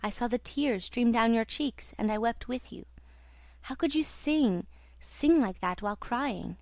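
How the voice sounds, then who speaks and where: A woman's voice: fairly high pitch, measured pace, darkish tone, dry recording. A woman reading the lines of a tender, admiring young nobleman in an audiobook.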